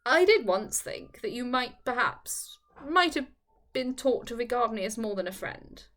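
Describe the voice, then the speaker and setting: A woman doing an idle, easygoing young gentleman. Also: fairly high pitch, animated, a little slow. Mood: hesitant. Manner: lackadaisical, imploring. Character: idle young gentleman Bertie, lackadaisical, good-natured.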